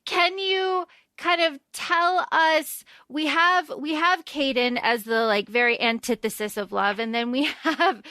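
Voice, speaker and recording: A woman hosting a podcast, gushing about a book with eager enthusiasm. Her voice is high and bright. The sound is dry and close. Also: measured pace, few pauses, no room sound. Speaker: podcast host. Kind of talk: casual podcast chat.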